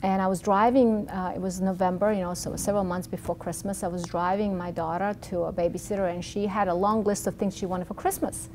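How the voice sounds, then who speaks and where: Middle-aged woman w/ yugoslav accent, chatty storyteller doing little voices, faint rumble behind. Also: fast, hardly any pauses. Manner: animated storyteller who acts out dialogue, frequent restarts. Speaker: interview guest, oncologist. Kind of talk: storytelling interview chat.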